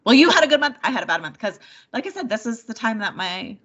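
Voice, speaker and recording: A woman talks openly in a personal conversation, her voice bright and forward. She stumbles and repeats herself, leaning on "like" and "you know." The sound is a little dull and lo-fi. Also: a little high, big pitch swings. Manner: halting, repeats words, many "like" and "you know". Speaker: mother sharing personal struggles.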